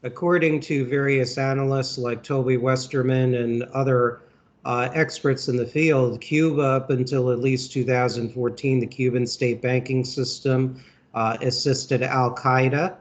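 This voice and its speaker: A man's voice: medium pitch, steady tone, unhurried. A man interviewing a guest on politics, laying out points in earnest and packed with names and facts, sometimes restarting a phrase. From United States.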